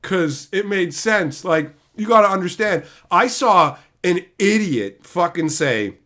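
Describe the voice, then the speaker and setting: A man's voice: sits high, animated, slow, hardly any pauses, sharp tone. A young man on a livestream, ranting with angry, sarcastic and profane outbursts. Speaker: streamer. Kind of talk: livestream rant.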